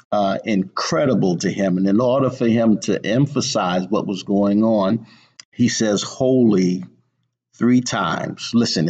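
Slow, low-voiced preacher man. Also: darkish tone, slightly rough. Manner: slow and deliberate, repeats words for emphasis, frequent "uh". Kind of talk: sermon. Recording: dull lo-fi sound.

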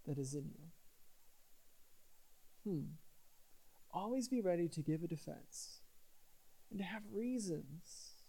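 A middle-aged male pastor delivers an earnest sermon. His voice sits a little high but sounds warm and mellow. He presses hard on key lines, then sinks into a near hush for the heavier passages. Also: vocal fry, low-quality recording. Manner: earnest preaching, swelling loud then dropping quiet.

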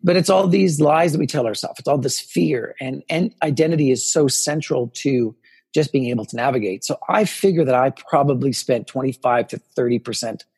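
Guy in his 50s, slightly husky voice, middle pitch, tells stories and does everyone's lines. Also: normal speed. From Canada. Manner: animated storyteller, acts out quoted dialogue. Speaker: podcast guest, politician. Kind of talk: personal storytelling in a podcast interview.

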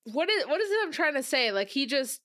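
A woman co-hosting a casual podcast chat, animated and outspoken, swearing freely and mocking people by quoting them in exaggerated voices. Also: high-pitched, a little fast, no room sound, clean studio sound. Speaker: podcast co-host.

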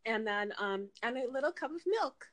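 Bright, lively woman chatting casually. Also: on the high side, moderate pace. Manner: laughs often, chatty. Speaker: podcast co-host. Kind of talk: casual chat. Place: home in Los Angeles.

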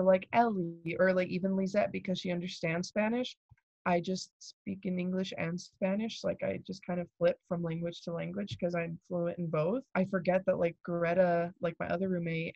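A young woman in casual chat, talking in a chatty way with many fillers and turning animated when she mimics people. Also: on the low side, vocal fry, no echo, highs cut off. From Douglas, Arizona area. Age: young adult.

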